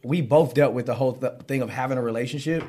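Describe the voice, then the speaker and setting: A man who talks fast, tumbling through his stories with plenty of swearing and laughter. He is a guest musician chatting casually on a podcast in a studio. His voice sits at an ordinary pitch for a man. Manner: animated storyteller, swears freely, laughs often.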